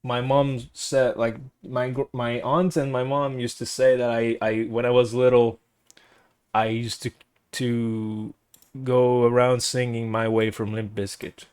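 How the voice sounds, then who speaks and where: A Brazilian streamer chats casually with his live viewers in accented English, a second language for this native Portuguese speaker. He rambles hesitantly, full of restarts and filler words, at a middling male pitch with a flat, measured delivery. His tone is darkish and smooth, with no room sound in the recording.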